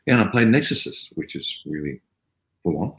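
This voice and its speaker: Older Australian man, very low voice, chatty storyteller, echoey room on a video call. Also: a little fast. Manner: rambling, animated storytelling with mimicry. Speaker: actor guest. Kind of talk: casual interview anecdotes.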